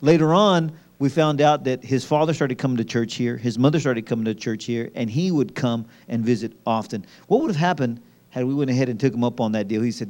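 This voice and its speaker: A man sharing ministry stories in an animated way, repeating phrases for emphasis. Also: mid-range voice, fairly quick. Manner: lively, repeats words for emphasis. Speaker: pastor. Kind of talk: animated storytelling.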